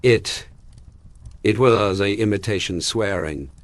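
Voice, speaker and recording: A man's voice: on the low side, takes it slowly, no room sound. A man reading an audiobook, voicing a pathetic, moaning spinster cousin who whines and falters. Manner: whiny, faltering.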